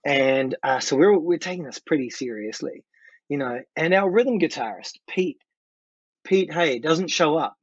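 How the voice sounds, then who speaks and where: A middle-aged man with a New Zealand accent, a guest musician telling a story in a lively, animated way. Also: on the high side, measured pace, husky, no echo. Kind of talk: casual storytelling. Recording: dry, dull lo-fi sound.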